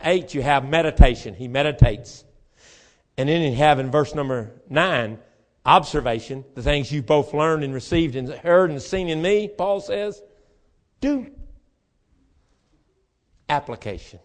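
A man preaching a sermon as pastor, moving between quiet, conversational talk and fervent, shouted rhythmic passages. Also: mid-range voice. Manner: repetitive, rhythmic preaching cadence.

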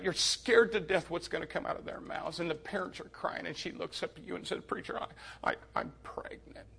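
A male preacher delivering a youth sermon in a fairly high, bright, forceful voice. He drops to near-whispers, then climbs to shouted emphasis. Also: creaky, husky. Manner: swings from quiet confiding to shouting emphasis.

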